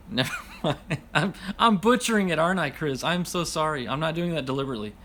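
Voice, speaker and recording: A man's voice: fairly high pitch, animated, fairly quick, a bit bright, a little hiss or hum. Chatty, apologetic male livestream host. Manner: apologetic, self-deprecating, laughs often. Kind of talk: casual livestream chat, reading viewer comments.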